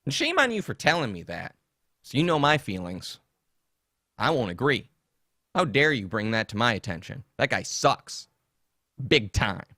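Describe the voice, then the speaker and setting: A man hosts a podcast from his computer, ranting in a loose comedic way and laughing as he goes. His pitch swoops widely as he mocks people. The sound is dry and close to the mic. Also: moderate pace, long pauses, no room sound. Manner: animated, mocking, laughs often, jumps between topics. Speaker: podcast host. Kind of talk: casual comedic rant.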